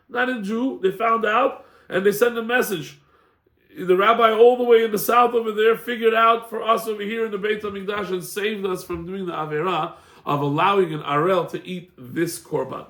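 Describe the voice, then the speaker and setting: High-voiced rabbi teaching in an echoey room. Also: male voice, normal speed. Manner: animated, acts out the people in his stories. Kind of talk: casual Torah class with storytelling.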